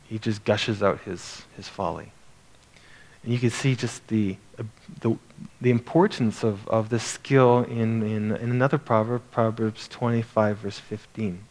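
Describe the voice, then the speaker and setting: A man giving informal Bible teaching in a conversational, halting way, often restarting his sentences. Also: fairly low pitch, a little mellow.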